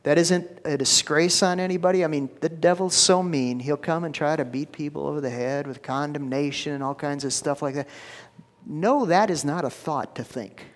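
A man preaching a sermon, telling a story with lively acted-out voices and sudden drops to a whisper. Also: on the high side, moderate pace, long reverb tail. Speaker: pastor.

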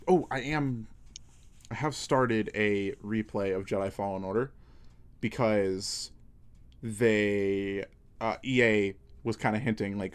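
A man's voice: fairly low pitch, fairly even intonation, slow pace, clean tone. A man hosting a podcast in casual chat, swearing a lot and laughing often. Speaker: podcast host.

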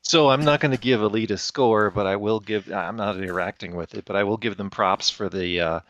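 Thoughtful man, low voice, muffled audio. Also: fairly quick, a bit bright. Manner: thoughtful, hesitant, many fillers. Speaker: podcast co-host. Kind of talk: casual chat.

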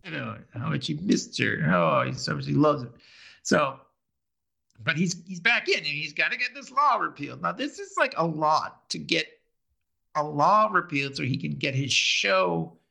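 A man co-hosting a podcast, chatting casually as he recaps an episode. His voice is heavily gravelly and bright, and his pitch swings widely. He rambles, full of fillers and restarts. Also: animated, moderate pace. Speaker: podcast co-host.

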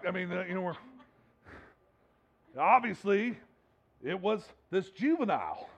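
Brief: male preacher with a very high voice, animated sermon that swings into playful acted-out voices, muffled lo-fi recording. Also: unhurried, vocal fry, long pauses. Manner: animated, acts out playful voices and rising exhortations. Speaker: pastor.

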